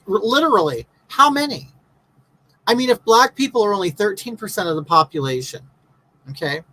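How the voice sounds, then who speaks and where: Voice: mid-range voice, fairly bright tone, poor audio. A livestream host in their fifties, chatting casually with viewers and reading out their comments in a blunt, sarcastic, ranting way. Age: 50s.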